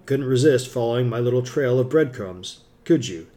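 A man voicing a calm, smirking male villain who threatens quietly in a level tone, in an audiobook. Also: mid-range voice, normal speed, lightly acted. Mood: menacing calm.

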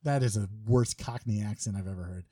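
A man's voice: on the low side, brisk, warm tone, no echo, studio quality. A man hosting a casual podcast, rambling and joking with many fillers and restarts. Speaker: podcast host.

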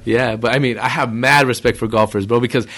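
A man's voice: mid-range voice, fairly even intonation, brisk, fairly bright tone. A man in laid-back casual chat, swearing freely and calling others bro and dude.

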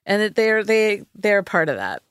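A woman from California co-hosting a podcast, musing out loud with pauses and restarts. Her voice is smooth and clear. The recording is dry and close. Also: medium pitch, big pitch swings, no room sound. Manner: reflective, hesitant. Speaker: podcast co-host. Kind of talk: casual chat.

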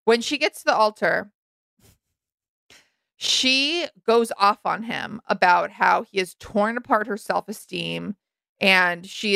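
A young adult woman co-hosting a podcast, talking through a reality show in a frank, animated, casual way. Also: medium pitch, vocal fry, no room sound. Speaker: podcast co-host. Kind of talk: casual recap chat.

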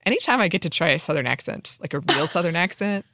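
A woman co-hosting a podcast in casual chat, playful and quick to mock outrage and laughter. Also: on the low side, expressive, a bit bright, no room sound, clean studio sound. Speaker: podcast co-host.

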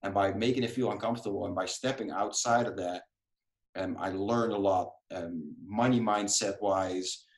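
A man from Europe, a guest on a podcast, telling his story in a candid, animated way at home and often tossing in "dude" and "right?". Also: on the low side, moderate pace, reverberant. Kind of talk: casual storytelling. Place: home room.

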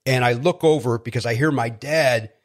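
A man, telling stories as a podcast guest in an animated, joking way. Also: medium pitch. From South Side of Chicago. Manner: animated storyteller, quick jokey asides. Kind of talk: casual chat.

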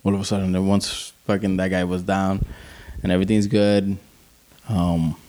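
Man, army veteran, casual profane storytelling, animated, low pitch, mellow tone. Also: moderate pace. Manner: profane, animated, acts out quotes.

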